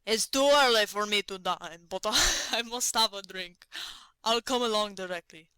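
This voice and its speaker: A big-voiced male cavalry officer who shouts his words for the pleasure of hearing them, as a woman narrator puts him on. The reading is bright and dry, close to the mic. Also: mid-range voice, unhurried, clean tone, no room sound, rough recording. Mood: boisterous. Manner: loud, boisterous. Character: booming, hard-drinking male cavalry officer.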